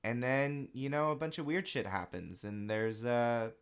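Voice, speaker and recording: A man's voice: medium pitch, fairly even intonation, measured pace, clean tone. Young man, loose casual podcast chat. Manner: loose, chatty, lots of uh and like. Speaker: podcast co-host.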